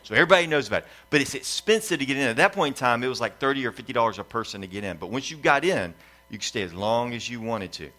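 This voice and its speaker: A man's voice: mid-range voice, animated, racing, bright, forceful tone. A middle-aged pastor telling a family story in a sermon, acting out voices and building his points in repeated lists. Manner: repetitive preaching cadence, builds in lists.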